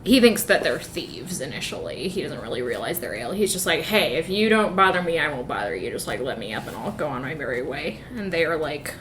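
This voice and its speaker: A woman co-hosting a podcast, recapping a book in casual chat, jumping into quick voiced lines for the characters, swearing and laughing as she goes. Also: low-pitched, big pitch swings, fairly bright tone, slight background noise. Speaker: podcast co-host.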